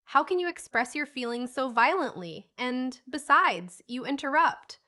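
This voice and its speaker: A gruff, impatient old gentleman who barks his words in a bright, brisk tone, as a woman reads him in an audiobook. He is bossy and short with everyone, snapping back whenever anyone talks over him. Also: sits high, big pitch swings, pitched above the performer's own voice, full character voice. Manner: brusque and impatient.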